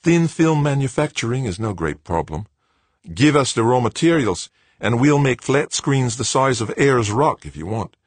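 A man's voice: medium pitch, lively intonation, moderate pace, no room sound, pitched above the performer's own voice, natural voice. A man voicing a serious young male factory director with a slight Australian accent, explaining things in an earnest, matter-of-fact way. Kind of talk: audiobook character voice.

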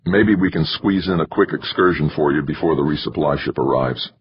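A man's voice: very deep voice, slightly rough, no room sound, heavily acted. A man doing a weary, patient mission leader. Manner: weary, measured. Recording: dull lo-fi recording.

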